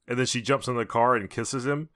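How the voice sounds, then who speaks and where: A man's voice: medium pitch, a little fast, fairly bright tone, no room sound, clean studio sound. A man co-hosting a podcast in casual chat, telling stories and laughing at them. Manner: storytelling, laughs at his own anecdotes. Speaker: podcast co-host.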